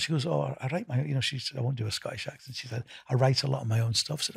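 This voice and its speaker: A man's voice: medium pitch, fast talker, gravelly, fairly bright tone, breathy edge, no echo, clean studio sound. A middle-aged man with a Liverpool accent, being interviewed as a festival founder, rambling with lots of restarts and "you know". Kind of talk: casual interview talk.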